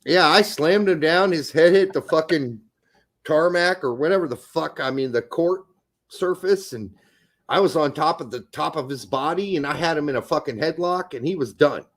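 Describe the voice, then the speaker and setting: A middle-aged man and podcast co-host, telling a story in profane, animated casual chat. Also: on the high side, normal speed.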